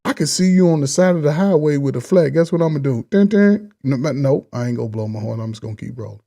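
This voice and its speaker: Blunt male reaction commentator, mellow low-bright tone, slangy and animated. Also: quick pace, gravelly.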